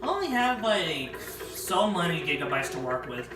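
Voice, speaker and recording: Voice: medium pitch, big pitch swings, normal speed, roomy sound, far from the mic, over music. A let's play host giving offhand, joking commentary on a game, recorded on a phone. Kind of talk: casual gameplay commentary.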